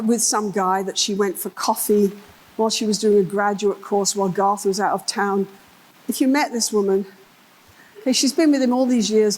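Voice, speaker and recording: A woman's voice: mid-range voice, poor audio. An older English woman, a therapist, giving a conference talk, telling case stories and acting out the voices of the people in them. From England. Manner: animated, acts out voices in her stories. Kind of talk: conference keynote storytelling. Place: conference hall.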